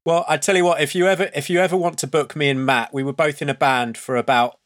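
A man's voice: a little high, steady tone, quick pace, fairly bright tone. A man co-hosting a podcast, telling stories in a jokey, playful way. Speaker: podcast co-host. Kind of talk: casual podcast chat.

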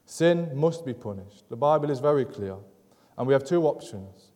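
A man preaching a sermon in an earnest, measured way, driving points home through repetition. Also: medium pitch, animated, mellow, long reverb tail. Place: church sanctuary.

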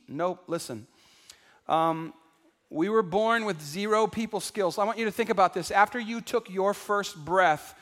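A man preaching a sermon to a congregation, animated and calling out to the crowd, acting out everyday voices for laughs. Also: high-pitched, big-room sound. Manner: acts out household voices for laughs. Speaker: pastor. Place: large church hall.

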